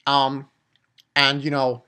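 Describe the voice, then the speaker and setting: A man casually recapping a manga chapter, rambling and swearing, with many restarts and bursts of excitement. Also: mid-range voice, takes it slowly, clear, resonant tone.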